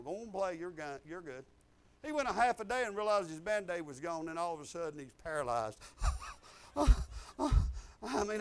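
A middle-aged man preaching a testimony sermon, swinging from shouted declarations to low, confiding asides.

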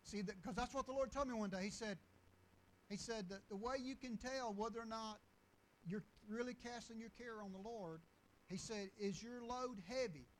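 A man's voice: high voice, steady tone, moderate pace, a little hiss or hum, rough recording. A man preaching and telling stories in a folksy, rambling way, with restarts and chuckles. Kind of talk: storytelling sermon.

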